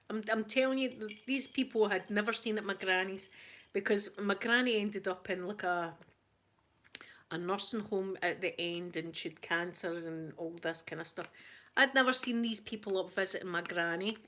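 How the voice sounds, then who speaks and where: A Scottish woman hosting her channel, telling a story in casual, animated chat. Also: medium pitch, moderate pace. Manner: chatty, animated anecdote telling. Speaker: ASMR channel host.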